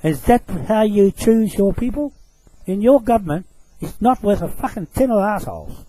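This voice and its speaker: A man's voice: high-pitched, sing-song, normal speed, dark tone, slight background noise, rough recording. A man delivering an angry, profane rant to camera. He accuses his target directly and repeats short phrases for emphasis.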